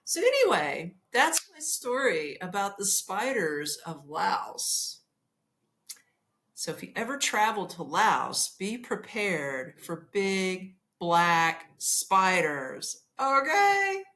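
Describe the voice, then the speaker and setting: Animated, swearing woman telling a travel tale. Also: fairly low pitch, slow pace. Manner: animated, profane, laughing as she tells it. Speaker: podcast host. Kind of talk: comic travel storytelling.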